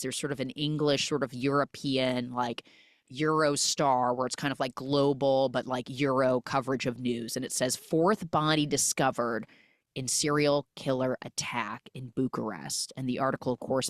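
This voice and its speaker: Low-voiced woman recapping with animated storytelling. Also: moderate pace, no room sound, clean studio sound. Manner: animated storytelling, acts out quoted lines. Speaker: podcast host. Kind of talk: casual recap chat.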